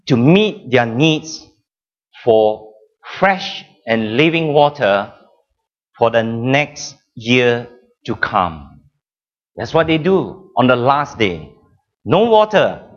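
Slow, deliberate male preacher. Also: mid-range voice, a bit bright, lo-fi sound. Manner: slow, emphatic preaching with dramatic pauses and repetitions. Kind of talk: sermon.

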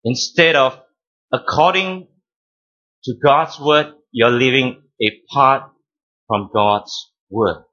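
A man preaching a sermon as pastor, teaching deliberately, stressing key words and repeating phrases. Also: mid-range voice, bright, forceful tone, highs cut off.

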